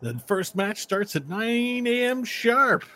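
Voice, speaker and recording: A man voicing an excitable tournament announcer speaking over an intercom in booming, showy patter. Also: slow, soft background music, exaggerated voice. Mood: excited.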